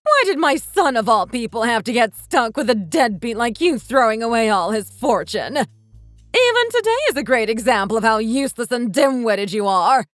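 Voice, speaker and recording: A woman's voice: on the high side, very animated, normal speed, fairly bright tone, no echo, studio quality, soft background music. A woman voicing a spiteful, domineering mother-in-law around sixty who scolds and insults, in a dramatized text-story reading. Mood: scornful.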